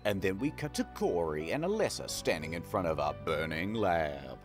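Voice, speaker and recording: A young man retelling a video game's story as comedy, mocking the plot and voicing its characters in quick snippets. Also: sits low, very animated, over music. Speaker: comedic game recapper.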